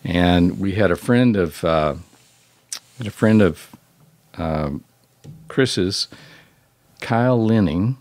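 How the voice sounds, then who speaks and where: A lower-voiced man in his sixties tells long, rambling stories about his early studio days, laughing at himself and restarting sentences. The sound is dry and close, with no room around it. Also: expressive, takes it slowly, pauses often, darkish tone, dry recording. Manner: rambling, self-deprecating, restarts often. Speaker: guest record producer. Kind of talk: storytelling interview.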